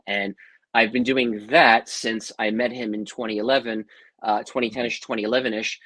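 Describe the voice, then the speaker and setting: A middle-aged man talks at an ordinary pitch and tells his stories in a loose, chatty way. He sounds animated and drops in "bro" and "man". The recording is dry and close, with no room sound. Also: moderate pace, no room sound, rough recording. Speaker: interview guest, psychic medium. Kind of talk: casual storytelling.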